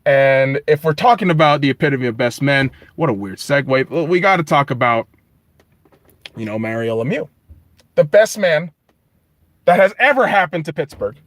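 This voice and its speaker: A man hosting a podcast, ranting casually and profanely in an animated, rambling way. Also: fairly high pitch, normal speed, no echo. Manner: animated, rambling, heavy swearing. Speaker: podcast host.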